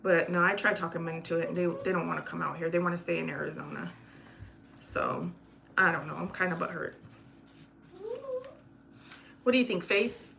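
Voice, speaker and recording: A woman's voice: on the low side, brisk, gravelly, long pauses, pushed and bright. A woman in her forties chatting casually to the camera while cooking in her home kitchen. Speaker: vlogger. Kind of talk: casual cooking vlog chat.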